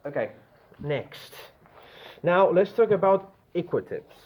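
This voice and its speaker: A man teaching a grammar lesson to a class, often checking in with the students and drawing out his example words slowly. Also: sits high, expressive. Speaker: English teacher. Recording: dull lo-fi classroom recording with room echo.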